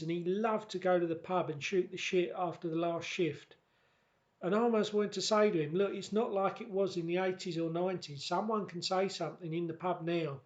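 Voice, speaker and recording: A man vlogging a casual, reminiscing monologue who talks haltingly and often repeats words and restarts. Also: high-pitched, a little mellow, muffled recording.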